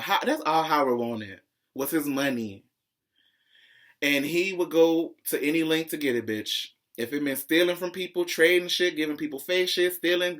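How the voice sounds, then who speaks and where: A man hosting a pop-culture commentary vlog, talking in a sassy, profane, opinionated way and jumping higher in pitch when excited. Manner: profane, sassy, calls viewers "child"; opinionated ranting, swings high when excited. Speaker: vlog host.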